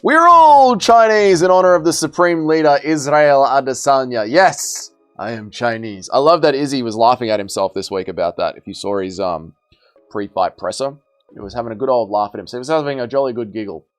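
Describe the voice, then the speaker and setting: Lively man hosting a livestream. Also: mid-range voice, brisk, clean tone, soft background music. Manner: bantering, reads and answers chat messages aloud. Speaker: livestream host. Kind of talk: casual live chat reading viewer messages.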